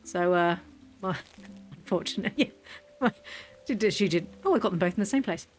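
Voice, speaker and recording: A woman's voice: fairly low pitch, animated, moderate pace, soft background music. A woman in her thirties, streaming a game and chatting casually, telling funny stories and laughing often. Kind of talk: casual gameplay chat.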